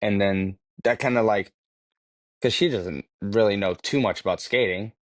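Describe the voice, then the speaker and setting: A man's voice: fairly low pitch, moderate pace, dry recording. A man guesting on a podcast, telling stories casually, swearing freely and laughing as he goes. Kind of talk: casual storytelling. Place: podcast studio.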